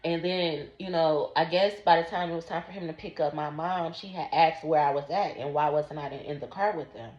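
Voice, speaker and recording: A woman telling a personal story slowly and deliberately to her vlog audience. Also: sits low, darkish tone. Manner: slow, deliberate recounting. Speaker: vlogger. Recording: roomy, dull lo-fi sound.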